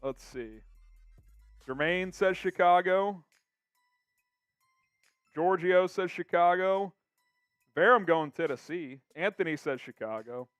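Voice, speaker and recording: Upbeat young male stream host, slightly high voice, smooth and clean, close dry mic. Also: slow, pauses often, a bit bright, no room sound, soft background music. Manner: upbeat, reads viewer comments aloud. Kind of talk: casual live-stream chat.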